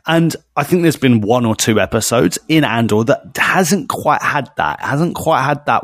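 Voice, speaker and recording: A man's voice: medium pitch, animated, measured pace, hardly any pauses, no echo, clean studio sound. A man co-hosting a podcast, talking enthusiastically with many stammered restarts. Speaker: podcast co-host. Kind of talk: casual chat.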